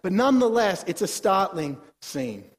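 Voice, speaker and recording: A man preaching a verse-by-verse sermon, his fairly high voice swinging from quiet asides to emphatic bursts. The sound carries a long reverb, as in a large church hall. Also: big pitch swings, moderate pace. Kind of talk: sermon, Bible exposition.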